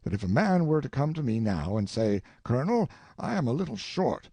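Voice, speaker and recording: A grandiose old colonel full of schemes and florid pleading, his husky voice swooping up and down, as a narrator puts him on. He speaks in a close, dry sound. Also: medium pitch, sing-song, fairly quick, warm tone, no room sound, pitched above the performer's own voice. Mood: scheming. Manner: flowery, pleading, theatrical.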